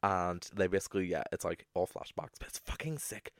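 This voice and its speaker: A young man co-hosting a podcast in casual, sweary, animated chat. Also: sits low, brisk, dry recording, clean studio sound. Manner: chatty, swearing, animated with playful put-on voices. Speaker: podcast co-host.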